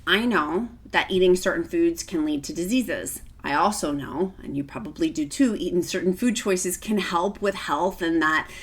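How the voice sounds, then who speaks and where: A woman's voice: fairly low pitch, normal speed, few pauses, slightly rough. A middle-aged woman vlogging to camera in a casual, emotional, gushing way, often close to tears. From Virginia, United States.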